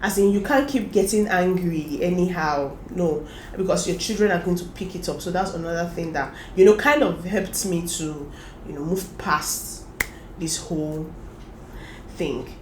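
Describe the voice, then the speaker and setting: A woman's voice: fairly low pitch, normal speed, reverberant, a little hiss or hum, low-quality recording. A woman, casually sharing her own experiences and giving advice straight to her viewers. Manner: chatty, advising viewers directly, animated laughter. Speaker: lifestyle vlogger. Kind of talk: casual talk to camera.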